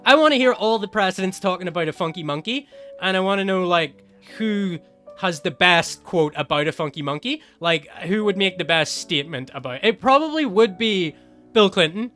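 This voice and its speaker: A man's voice: high-pitched, animated, brisk, a bit bright, faint music behind. A young man giving rambling, jokey, sweary commentary while playing a video game. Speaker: gaming video host. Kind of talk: let's play commentary.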